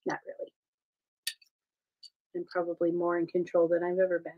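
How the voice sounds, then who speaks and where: A woman's voice: lowish voice, monotone, normal speed, phone-quality sound. A woman hosting a casual live stream, chatting with viewers and greeting them by name while she builds. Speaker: live-stream host building brick sets.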